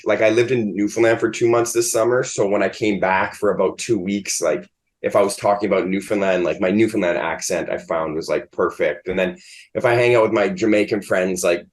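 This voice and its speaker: Man, comedian guest, fairly low voice, loose rambling talk full of fillers. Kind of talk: casual interview chat.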